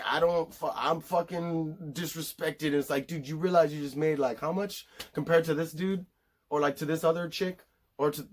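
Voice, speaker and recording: A man vlogging a blunt, heavily profane commentary rant, heated and casual. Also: on the high side.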